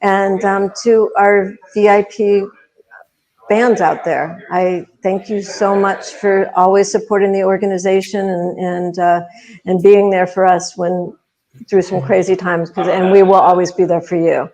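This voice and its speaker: A woman talking on a relaxed video panel, warm and given to laughter, with frequent restarts and trailing thoughts. Her pitch sits in the middle range and her speed is ordinary. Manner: warm, halting, laughs often. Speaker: pageant organization leader. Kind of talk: casual video panel chat.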